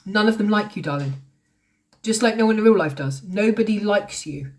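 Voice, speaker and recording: Speaking at a moderate pace in a medium-pitched, animated and slightly mellow voice, a late-thirties woman rants on TikTok Live from home. She is sweary, sarcastic and confrontational, and the audio carries a little hiss or hum.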